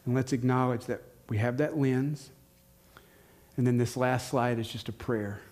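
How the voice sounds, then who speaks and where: A man's voice: mid-range voice, steady tone, normal speed, a little mellow. A man in his forties with a Southern American accent, a pastor preaching earnestly and asking the congregation questions. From United States. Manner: earnest, questioning, repeats key lines for emphasis. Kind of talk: sermon.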